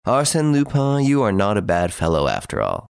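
Guy playing a gruff baffled cop, low gravelly voice, dry sound. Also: wildly swooping pitch, moderate pace, no room sound, heavily acted. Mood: dry, grudging. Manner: blunt, incredulous. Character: gruff, baffled middle-aged police detective, male.

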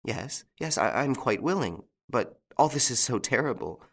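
Anxious and breathless, this frightened young French lady pleads in a raised, lilting voice, as a male audiobook narrator puts her on. Her words are quick and fearful, and her pitch leaps up high whenever she is alarmed. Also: expressive, gravelly, fairly bright tone, husky, heavily acted. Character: frightened young French woman of a country estate.

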